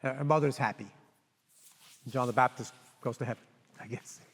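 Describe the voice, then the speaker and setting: An older male conductor leads a master class, coaching a brass player and singing phrases aloud to show the shape of the music. His voice sits at a middle pitch. It carries a long reverb from a large hall. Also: normal speed, slightly rough. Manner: animated, sings phrases aloud.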